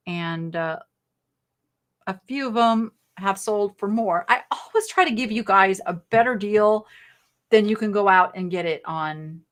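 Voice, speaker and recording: A woman's voice: medium pitch, fairly bright tone. A middle-aged woman hosting a live online sale in a chatty, rambling way, thinking aloud as she shows items. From American South. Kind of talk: casual live selling chat.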